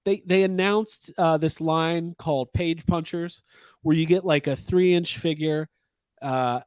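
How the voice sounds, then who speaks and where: Man, podcast host, slightly high voice, rambling and filler-heavy, dry close mic. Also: fairly even intonation, unhurried, smooth, no echo. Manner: rambling, lots of fillers and jokes. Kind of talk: casual podcast chat.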